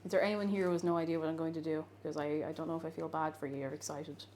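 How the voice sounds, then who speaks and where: Racing along with a bit of background noise behind her, an Irish woman playfully chats on a live stream and teaches an Irish word of the day. Into her desk mic she lets out high, excited greetings to the viewers in chat.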